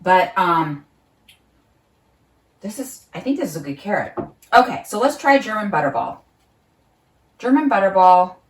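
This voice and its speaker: A woman's voice: mid-range voice, big pitch swings, unhurried, long pauses. Chatty woman gardener, roomy distant sound. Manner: chatty, thinks aloud, often laughs, talks while eating. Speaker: market gardener vlogger. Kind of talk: casual home vlog.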